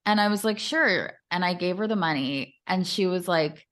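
Woman podcast co-host, young adult, a bit low-pitched, animated storyteller. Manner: animated storyteller, quick, acts out quotes with laughs. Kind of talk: casual chat.

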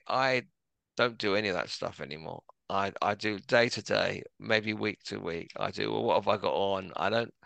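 A middle-aged man speaks low, with a gravelly rasp and a bright, forward edge to the tone. He talks as a podcast guest, gentle and reflective, poking fun at himself. The sound is close and dry. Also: dry recording. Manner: gentle, reflective, self-deprecating, many restarts. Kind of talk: relaxed conversational storytelling.

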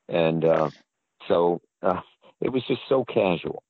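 Deep older man on a tinny line. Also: lively intonation, slow, dry recording. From American South. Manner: rambling and hesitant, with many fillers and restarts. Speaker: interview guest. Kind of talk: casual anecdotal storytelling. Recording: dry, phone-like line.

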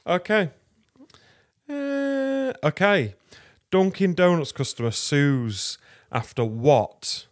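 Male co-host, dry delivery, animated pitch, close and dry recording. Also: takes it slowly, no echo. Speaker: podcast co-host. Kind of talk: casual banter, reading news stories.

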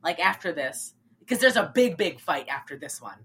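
A woman's voice: low-pitched, normal speed, slightly rough. A woman in casual chat, animatedly recapping a film and acting out the lines with laughs. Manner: animated, acts out lines in funny voices, laughs often. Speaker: podcast co-host recapping a film.

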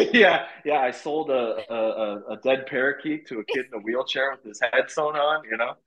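A young man from Canada telling casual stories as a podcast guest, animated and swearing freely, acting out what people said. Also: mid-range voice, moderate pace, lo-fi sound. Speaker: podcast guest, former reality show lead. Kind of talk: casual storytelling.

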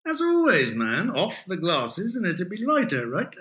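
A man's voice: high voice, huge pitch swings, unhurried, a bit bright, voice pushed up, full character voice. A man voicing a brash, pompous young male English teacher who talks in a grand, theatrical way. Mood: jovial.

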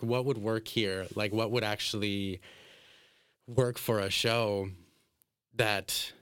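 A man with a somewhat low voice tells stories in a relaxed interview, packing his speech with filler words and acting out quotes. He is emotional and laughs often. The sound is dry and close, with no room echo. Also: slow pace, pauses often, smooth. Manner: chatty, full of "like" fillers, acts out quotes. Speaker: drag performer and guest. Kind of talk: casual interview storytelling.

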